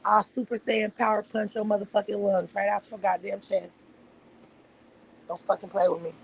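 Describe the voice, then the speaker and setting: A woman's voice: mid-range voice, flat delivery, moderate pace, vocal fry, slight background noise, low-quality recording. A middle-aged woman on a livestream, ranting with heat and profanity and repeating her phrases for emphasis. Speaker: livestream host. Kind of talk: emotional livestream rant.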